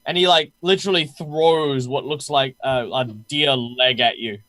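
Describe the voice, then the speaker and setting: A man's voice: medium pitch, unhurried, bright, forceful tone, no room sound, clean studio sound. Hesitant male game master. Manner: hesitant, filler-heavy narration. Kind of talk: narrating a tabletop game.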